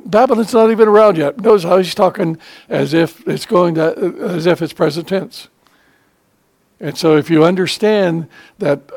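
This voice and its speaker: An older man preaching a sermon as pastor, conversational and emphatic, with frequent pauses to gather his words. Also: a little high, gravelly, a little mellow. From United States.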